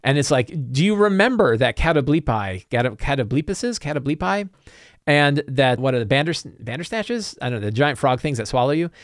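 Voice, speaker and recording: A man hosting a talk show, chatting casually and answering viewer questions in a rambling, animated way. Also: medium pitch, a little fast, no room sound, clean studio sound. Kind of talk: casual chat.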